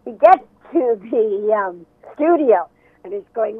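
A woman's voice: on the high side, takes it slowly, no echo. Woman guest on a tinny phone line. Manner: animated storytelling. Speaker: author and guest. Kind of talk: radio interview.

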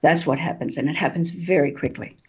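Breathy woman author, lo-fi sound. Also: low-pitched, brisk. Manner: animated storyteller, laughs often, frequent ums. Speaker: author and guest. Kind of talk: interview talk. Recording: dull lo-fi sound.

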